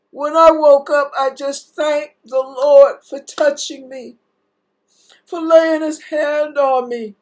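A woman preacher, giving an earnest sermon. She talks slowly and sincerely, and her voice can break with feeling. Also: high-pitched, fairly even intonation, a little mellow. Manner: emotional, tearful at times, earnest. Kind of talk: sermon-style teaching and testimony.

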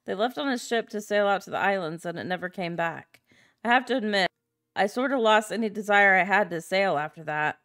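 A woman's voice: medium pitch, a little fast, fairly bright tone. Chatty woman narrating her gameplay. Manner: chatty, giggly, reads character lines aloud in her own voice. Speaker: gameplay video host. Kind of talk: casual let's-play commentary reading dialogue aloud.

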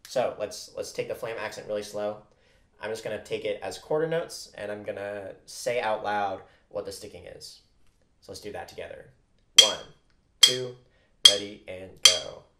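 A man's voice: on the low side, normal speed. A man teaching a percussion lesson, patiently explaining flam rudiments and counting off stickings aloud. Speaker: percussion instructor. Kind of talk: instructional drum lesson. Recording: echoey room with loud drumming.

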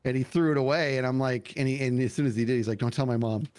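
A man's voice: medium pitch, racing. A man hosting a casual gaming stream, telling a story with acted-out quotes and frequent laughter. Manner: animated storyteller who acts out quotes and laughs.

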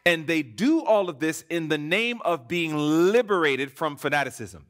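A man delivering a sermon from a church pulpit, his voice sitting a little high for a man. He preaches with lively swings of pitch, pressing some points loudly and dropping to a hush for others. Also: moderate pace. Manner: emphatic preaching, swinging between loud and hushed.

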